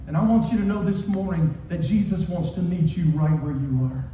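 High-voiced preacher in an echoing hall. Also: male voice, fairly quick, slight background noise. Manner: emphatic, repetitive preaching that swings from shouting to soft. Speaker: pastor. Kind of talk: sermon. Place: church hall. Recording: echoey hall from far off, dull.

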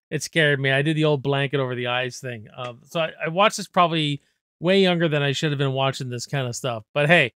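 A man's voice: fairly high pitch, fairly bright tone, clean tone, no room sound, studio quality. A man in his forties hosting a casual movie discussion, talking enthusiastically and swearing freely. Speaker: movie review host.

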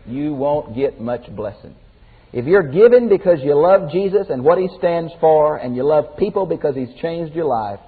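An older man teaching the Bible as a pastor, folksy and animated, swinging from loud exclamations to quiet emphasis. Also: on the high side, slightly rough. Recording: phone-like audio with long hall reverb.

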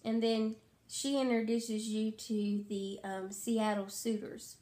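A woman with a slightly higher voice chats casually about her reading. She sounds tired and rambles, backtracking and correcting herself with lots of fillers. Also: level tone, slow, warm tone. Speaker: book vlogger. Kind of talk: casual book chat to camera.

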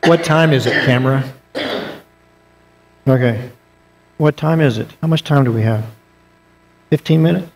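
Speaking in a mid-range, creaky voice, a man teaches a Bible class a little slowly and with many pauses. He's conversational, jokes on the side and reads scripture aloud. The church auditorium's long reverb comes through, along with slight background noise.

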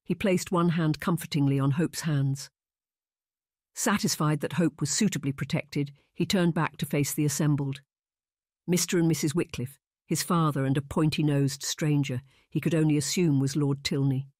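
An audiobook narrator reading a period romance aloud in an even, measured manner. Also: medium pitch, no echo, studio quality. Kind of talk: scripted narration.

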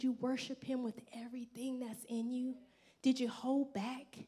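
Expressive woman pastor preaching. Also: on the high side, moderate pace. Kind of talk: sermon. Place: church service.

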